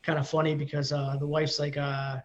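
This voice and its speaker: A firefighter in his forties chats as a guest and tells a long story, filling gaps with ums and you-knows. His voice is a bit high for a man. The audio comes through dull and lo-fi, like a call. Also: monotone, fairly quick. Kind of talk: casual interview storytelling.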